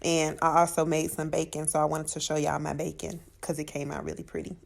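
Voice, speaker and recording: A woman's voice: low voice, level tone, brisk, gravelly. A woman hosting a cooking channel, talking through her recipe in a sassy, chatty voice-over and calling her viewers honey and child.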